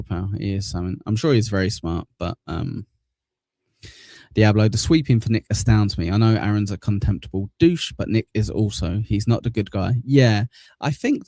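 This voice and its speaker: On his livestream news show, a man whose warm voice is on the low side reads out viewer comments, chatting, joking, and tossing off crude insults. The dry, clean studio sound comes from a desk mic set before a green screen.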